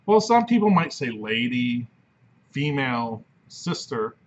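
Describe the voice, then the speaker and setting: A philosophy professor lecturing in a conversational way, often checking in with "right?". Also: male voice, mid-range voice, big pitch swings, a little slow, slight background noise. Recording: dull lo-fi recording.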